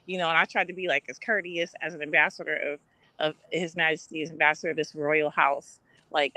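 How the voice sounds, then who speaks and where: A woman hosts a casual live stream. Her voice is bright and forward, recorded close and dry. She tells stories with animation, acting out the voices of the people she quotes. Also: lowish voice, normal speed, dry recording, rough recording. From Brooklyn, New York. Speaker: host.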